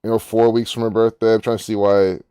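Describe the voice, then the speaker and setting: A man's voice: fairly low pitch, little pitch movement, fast talker, mellow, clear, resonant tone, dry recording, clean studio sound. A man hosting a casual commentary, rambling and musing aloud with frequent restarts. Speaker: gematria channel host.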